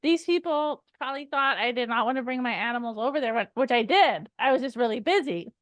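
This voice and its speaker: Canadian-born woman cohosting a podcast, high voice, giggly chatty storyteller, dry close sound. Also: lively intonation, a little fast, no room sound. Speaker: podcast co-host. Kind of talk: casual podcast chat.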